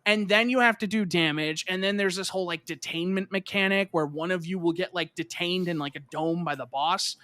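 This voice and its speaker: Man, podcast co-host, high voice, casual gaming chat, rambling, swears a lot, heated, dry close sound. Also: a little fast, few pauses, bright, forceful tone, dry recording. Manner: heated and emphatic when ranting.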